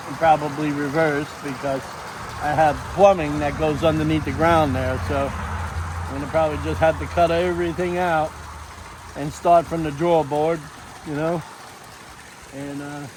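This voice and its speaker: A man hosting a vlog in a backyard, chatting casually and rambling as he shows his plans and talks to his animals. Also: on the high side. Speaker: vlog host. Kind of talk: casual chat. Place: outdoor backyard. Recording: outdoor noise.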